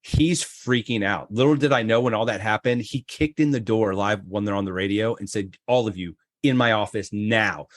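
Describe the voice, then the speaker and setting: A middle-aged man from Florida, a podcast guest telling a story with lively acted-out quotes, jumping into high voices for the other people in it. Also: moderate pace, few pauses, dry recording, clean studio sound. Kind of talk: animated storytelling.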